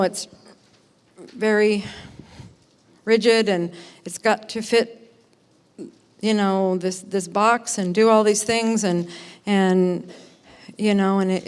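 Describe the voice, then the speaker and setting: A woman's voice: mid-range voice, clean tone. A woman stands before a conference audience and introduces the next speaker. She talks in an eager, meandering way, stacking fillers and false starts as she builds up to the introduction. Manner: rambling, excited, many fillers and restarts. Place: conference hall, in front of an audience.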